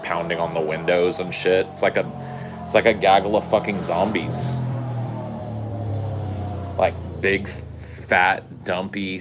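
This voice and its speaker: Ranting, profane lower-voiced man. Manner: angry, sarcastic, swears constantly, grows louder and more heated. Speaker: podcast co-host. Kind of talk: profane podcast rant.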